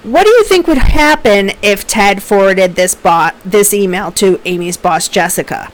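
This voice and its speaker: A woman's voice: medium pitch, animated, moderate pace, low-quality recording. A woman professor giving a recorded lecture in a conversational way, with fillers and small laughs.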